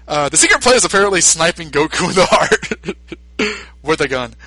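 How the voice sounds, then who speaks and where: Animated, laughing podcast host man. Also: fairly high pitch, moderate pace, slightly rough, no room sound. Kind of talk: casual chat, film recap.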